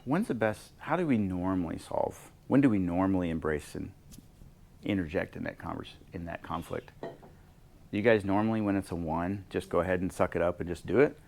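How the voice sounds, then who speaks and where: A low, gravelly male voice leads a leadership workshop. He teaches with energy and acts out each side of the conversations he describes. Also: a little fast, a little hiss or hum. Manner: animated, acts out both sides of conversations. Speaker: leadership coach leading a workshop.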